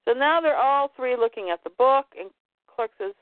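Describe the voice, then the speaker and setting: A woman with a somewhat high voice recaps a comic book story on a casual podcast. She quotes the characters' lines, shifting her voice a little for each. The sound is dry and tinny, like a phone line. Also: moderate pace, no room sound. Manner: retells the story, quoting characters in lightly changed voices. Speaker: podcast co-host.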